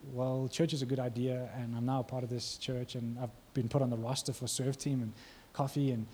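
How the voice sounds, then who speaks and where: Warm, husky-voiced male preacher. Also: medium pitch, level tone, brisk. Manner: conversational, asks the congregation questions. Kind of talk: sermon.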